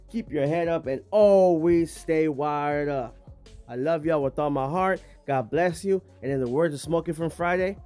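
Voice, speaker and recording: A man's voice: a little high, normal speed, warm tone, clean tone, faint music behind. A man hosting a casual vlog, talking straight to his viewers in emphatic, slangy street talk. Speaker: host.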